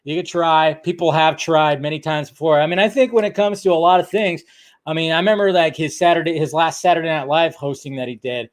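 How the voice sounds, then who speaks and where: A man's voice: fairly high pitch, steady tone, a little fast. A man hosting a casual movie news commentary, blunt, swearing freely and laughing often.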